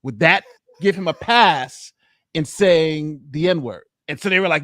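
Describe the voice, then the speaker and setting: A man on a livestream panel, telling a story in a lively, animated way and laughing often. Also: a little slow, dry recording, clean studio sound. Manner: animated storyteller, laughs often, rises high when excited. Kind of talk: casual livestream chat.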